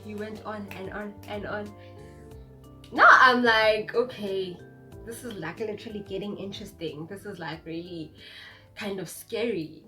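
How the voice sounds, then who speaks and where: A woman's voice: mid-range voice, normal speed, faint music behind. Chatty South African woman in her twenties. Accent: South African, Zulu-inflected. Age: 20s. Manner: chatty, animated, code-switching with acted quotes. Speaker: vlogger. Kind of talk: casual storytime vlog.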